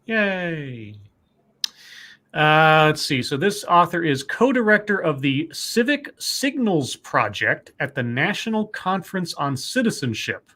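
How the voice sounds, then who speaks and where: On the high side and sharp-toned, his voice has big pitch swings and a slightly slow pace with hardly any pauses. The man co-hosts a casual talk stream, reading news stories and viewer messages aloud while correcting himself.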